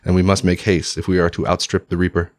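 A man's voice: sits low, completely flat delivery, fast talker, close to an everyday voice. A man doing a stern aging manservant. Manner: curt, commanding. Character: aging, steely male Italian retainer, stern.

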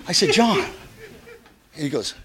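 A man telling a quick, laughing anecdote to a live audience. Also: sits high. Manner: lively, laughing storyteller. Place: lecture hall with audience. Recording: noisy room with crowd.

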